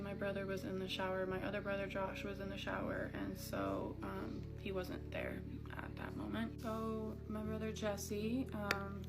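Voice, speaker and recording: A woman in her twenties telling a painful personal story in a halting, earnest way. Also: mid-range voice, low-quality recording. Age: 20s.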